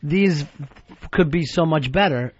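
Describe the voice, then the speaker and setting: Male radio host, easygoing interviewer. Slightly higher voice, dull broadcast sound. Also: measured pace. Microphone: studio microphone. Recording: slightly dull dry radio studio audio.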